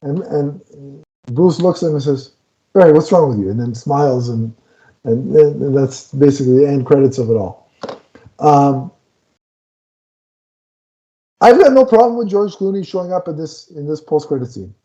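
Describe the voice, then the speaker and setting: A man co-hosting a film review show, talking casually as he retells scenes, full of restarts and fillers. His voice sits a bit high but sounds very dark and mellow. The recording is dull and lo-fi. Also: normal speed, pauses often. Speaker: podcast co-host reviewing a film.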